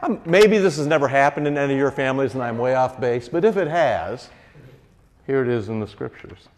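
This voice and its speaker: A man giving a sermon as a pastor, animated and conversational, with wry asides. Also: mid-range voice, brisk. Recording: reverberant church hall.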